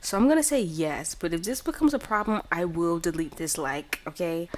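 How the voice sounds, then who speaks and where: A woman's voice: on the low side, animated, normal speed. A young adult woman hosting a let's play, narrating in a chatty, playful style packed with fillers. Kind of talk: casual game commentary.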